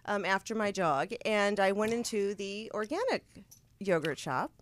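A woman's voice: medium pitch, lively intonation, normal speed. A young woman hosting a casual chat show, rambling through stories and laughing often. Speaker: show host.

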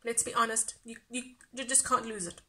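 Woman, South African accent, bright tone, fairly high voice, chatty and rambling vlog talk. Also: steady tone, brisk. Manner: chatty, rambling, laughs often. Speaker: craft YouTuber. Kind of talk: casual vlog chat.

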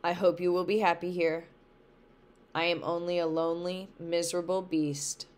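A woman reading aloud as a gruff, lonely male beast in a storybook. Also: lowish voice, flat delivery, moderate pace, a little mellow, lightly acted. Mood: gruff, sad.

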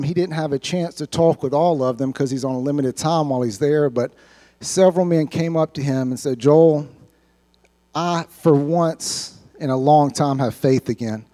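A man's voice: on the high side, mellow. A man giving an earnest, heartfelt personal testimony to a church congregation, sometimes repeating words as he speaks. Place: church sanctuary.

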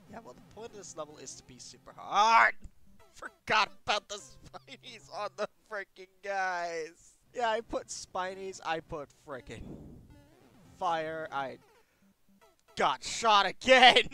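A man's voice: high-pitched, lively intonation, slow, pauses often, sharp tone, soft background music. A man streaming himself playing his own levels, yelping, screaming and laughing at each mishap. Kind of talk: let's-play reactions.

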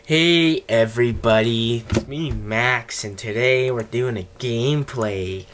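A man's voice: mid-range voice, takes it slowly, fairly bright tone, slight background noise. A man giving casual gameplay commentary, ranting and swearing constantly, recorded on cheap earbuds.

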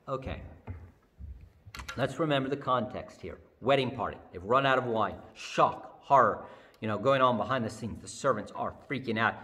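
A man preaching a sermon in a chapel, telling the story with animated, conversational energy. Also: medium pitch, normal speed. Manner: lively storytelling, acts out the Bible characters. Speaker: pastor. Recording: long hall reverb.

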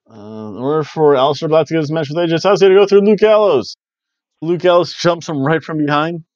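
A man's voice: fairly high pitch, lively intonation, quick pace, darkish tone, dry recording. Rambling man recapping wrestling, lo-fi. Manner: rambling, jokey, repeats catchphrases. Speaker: wrestling review host. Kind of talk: casual spoken recap.

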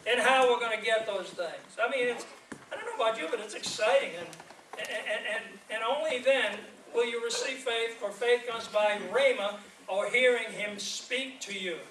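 In an echoey church sanctuary, recorded from a distance with some background noise, a man with a very high voice preaches as an evangelist. He speaks at a moderate pace, lively and laughing as he tells stories through his sermon.

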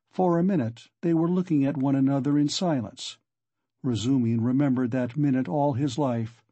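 Dry, mellow-voiced male audiobook narrator. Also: a little high, no echo. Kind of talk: scripted narration.

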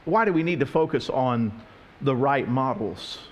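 A man's voice: medium pitch, moderate pace. A pastor preaching a sermon, telling stories and asking his congregation questions. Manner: animated storytelling, questioning the congregation.

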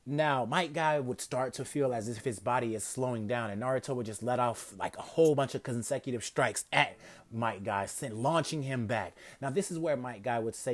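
A man's voice: medium pitch, normal speed. A man casually retelling a fan story, rambling and correcting himself as he goes. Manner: rambling, filler-heavy, self-correcting.

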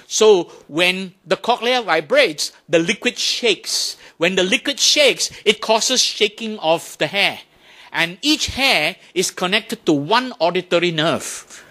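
A man giving a Buddhist dharma talk to an audience, animated, often asking questions and imitating sounds to make his points. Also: sits high, slow pace. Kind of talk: lively talk to a temple audience.

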